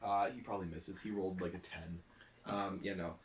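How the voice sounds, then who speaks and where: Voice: low-pitched, fairly even intonation, brisk, a little hiss or hum. A game master casually narrating a tabletop game, rambling with many "like" fillers.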